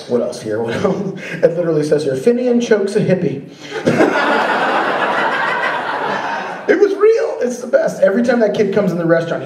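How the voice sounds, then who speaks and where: A man doing a stand-up comedy set, telling animated, profane stories that burst into shouting. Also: high voice, noisy background. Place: comedy club stage with a laughing audience. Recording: roomy live club recording from a distance.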